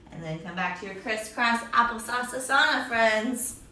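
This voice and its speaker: Bright, echoey woman teaching kids yoga. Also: on the high side, moderate pace, a little hiss or hum. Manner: playful, encouraging, sing-song. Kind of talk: guiding a children's yoga class with a storybook. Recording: echoey room, voice from a distance.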